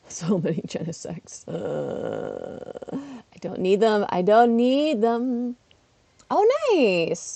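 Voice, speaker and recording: A woman chatting casually on a livestream while playing a game, self-deprecating and bursting into excited exclamations. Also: lowish voice, no echo. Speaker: streamer. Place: her apartment.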